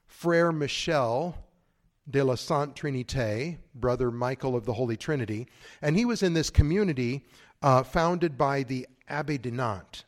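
Conversational priest giving a conference talk. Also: male voice, medium pitch. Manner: conversational and digressive, with frequent asides and restarts.

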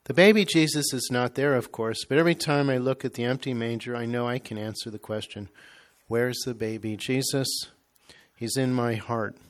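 A man reading a devotional story aloud in a slow, measured, reverent way. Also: mid-range voice, fairly even intonation. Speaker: reader.

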